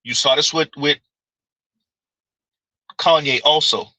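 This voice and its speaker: A man's voice: a little high, steady tone, slow pace, sharp tone, no room sound, low-quality recording. A man giving casual livestream commentary, arguing his point with pointed rhetorical questions and reading chat comments aloud.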